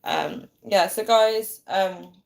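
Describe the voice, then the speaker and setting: A woman's voice: medium pitch, slow, creaky. A young woman chatting casually to viewers on a phone livestream, laughing often and thanking them.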